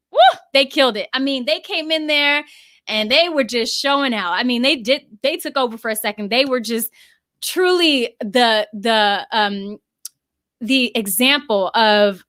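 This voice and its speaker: A woman hosting a casual live stream, effusively reading out viewer comments and giving shout-outs. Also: on the high side, no room sound, studio quality. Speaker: livestream host.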